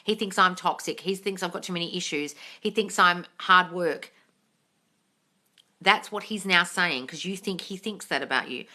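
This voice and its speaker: A woman hosting a live manifesting Q&A reads viewer comments aloud casually, her voice on the low side at a normal speed. She uses profanity freely, calls viewers darling, and breaks into excited, gushing outbursts.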